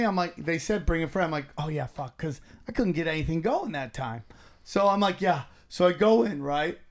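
A man's voice: on the high side, brisk. A man hosting a podcast, telling stories in casual chat. He swears freely and acts out what people said. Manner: animated, profane, acts out quotes.

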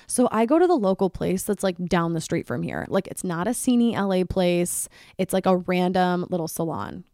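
A woman's voice: fairly low pitch, no room sound, studio quality. A young woman hosting a solo podcast, chatty and full of "like", her voice jumping up when she gets worked up. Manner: chatty, fills speech with "like"; excitable, voice jumps up when worked up. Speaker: podcast host.

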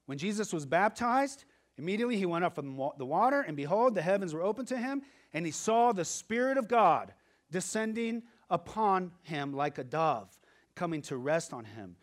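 High-voiced preaching man. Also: very animated, normal speed. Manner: swings between quiet asides and loud emphatic preaching. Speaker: pastor. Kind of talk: sermon.

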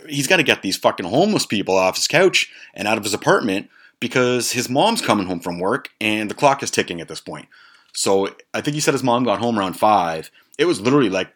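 A man's voice: lowish voice, a bit bright. A man in his forties hosting a podcast, telling a rambling, profane, amused story. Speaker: podcast host. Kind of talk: casual storytelling.

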